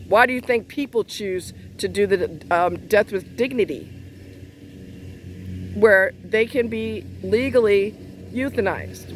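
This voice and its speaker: A woman's voice: mid-range voice, takes it slowly, a little hiss or hum. Woman ranting, blunt and profane. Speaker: vlogger. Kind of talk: angry personal rant.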